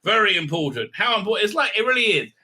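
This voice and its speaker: A man gives a loose, rambling recap of a show. His voice is very bright and sits a little high for a man. He stumbles through strings of fillers and keeps a mocking, irreverent edge. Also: very animated, fast talker, husky. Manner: hesitant, heavy on fillers, irreverent. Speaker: video reviewer.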